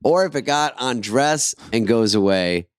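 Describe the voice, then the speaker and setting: A man co-hosting a podcast in casual chat, wry and quick with profane asides. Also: medium pitch, expressive, clean tone, no room sound, clean studio sound. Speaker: podcast co-host.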